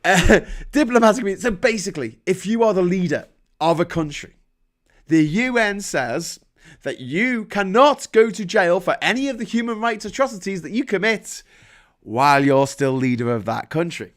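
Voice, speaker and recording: A man with a British accent delivering a sweary, animated political rant as host, laughing between points. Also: high voice, moderate pace. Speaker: podcast host.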